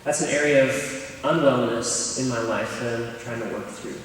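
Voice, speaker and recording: A man's voice: mid-range voice, moderate pace, slight background noise. Joking young man in an echoey chapel. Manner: joking, candid and self-deprecating. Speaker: chapel speaker. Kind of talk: storytelling chapel talk. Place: large chapel hall. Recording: echoey hall, speaker far from mic.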